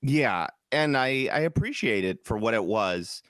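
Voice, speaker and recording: On a podcast, a Chicago man co-hosts a casual chat, rambling enthusiastically and often trailing off before starting over. His medium-pitched voice has lively intonation and a slightly bright quality, and he takes his time. The sound is clean studio audio with no echo.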